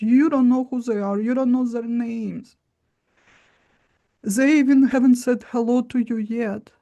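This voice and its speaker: A woman speaking as a guest coach in an interview, explaining in a slow, deliberate way with long pauses. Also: fairly high pitch, dark tone. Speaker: guest voice and body-language coach. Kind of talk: instructive interview talk.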